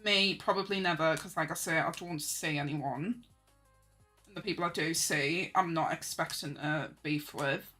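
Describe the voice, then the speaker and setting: A young woman talks casually on stream as she draws, bright and forthcoming. She is self-mocking and quick to laugh, answering her chat. Faint music plays underneath. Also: low voice.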